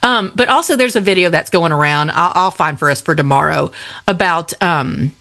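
A woman's voice: lowish voice, moderate pace, fairly bright tone. A woman co-hosting a radio show, chatting casually with her partner. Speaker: radio co-host. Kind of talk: casual morning show banter.

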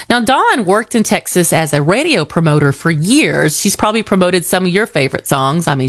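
A woman co-hosting a relaxed talk show, spinning a story with a very lively, swinging pitch. She acts out the quoted lines of the people in it. The sound is dry and close, with no room echo. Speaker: co-host. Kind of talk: casual chat.

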